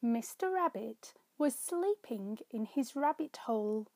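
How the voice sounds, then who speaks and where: A woman reading her own children's story aloud, slow, gentle and clear. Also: a little high, animated, over loud music. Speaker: storyteller and author.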